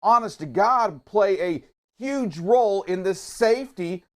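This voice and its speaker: A man's voice: high voice, lively intonation, measured pace. A man co-hosting a live trucking show in an upbeat, chatty, teasing way. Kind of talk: casual live-stream chat.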